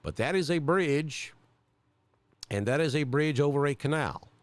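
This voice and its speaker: A man's voice: on the high side, lively intonation, measured pace, dry recording. A man from central Alabama with a Southern accent, giving live storm coverage as a weather broadcaster and thinking aloud with many fillers.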